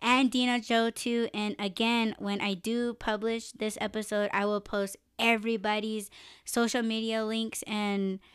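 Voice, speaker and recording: A woman's voice: a little high, little pitch movement, a little slow, clean tone, dry recording, clean studio sound. A young woman hosting a live podcast, chatting casually, swearing freely and laughing often. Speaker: podcast host. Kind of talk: casual live-stream chat.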